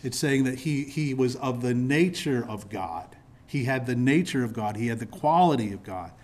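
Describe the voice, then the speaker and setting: A pastor preaching a sermon in church, explaining scripture in a teaching manner with frequent restarts and repeated words. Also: male voice, medium pitch, expressive, moderate pace, a little mellow. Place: church sanctuary.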